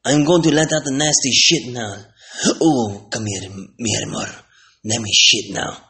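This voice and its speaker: A man voicing a crude, skunky gas spirit who croons low and slow with Spanish endearments. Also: expressive, bright, forceful tone. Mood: sleazy crooning.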